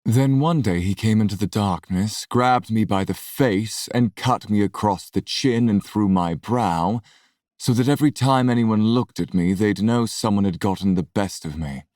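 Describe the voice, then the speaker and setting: An actor playing a brooding, scarred half-god man who speaks in a low, quiet, restrained way in an audiobook. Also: moderate pace, no room sound, clean studio sound, close to an everyday voice. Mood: somber.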